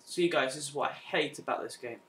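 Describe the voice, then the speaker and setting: A man's voice: medium pitch, fairly quick, fairly bright tone. A young man commentating over his own gameplay, muttering to himself and breaking into frustrated outbursts. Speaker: gamer. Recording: echoey room, mic at a distance, faint noise.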